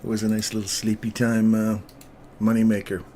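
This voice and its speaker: A man's voice: fairly low pitch, monotone, brisk, mellow, a little hiss or hum. A man giving casual live commentary on his market trades, chatting with viewers as he works through the charts. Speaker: trading streamer.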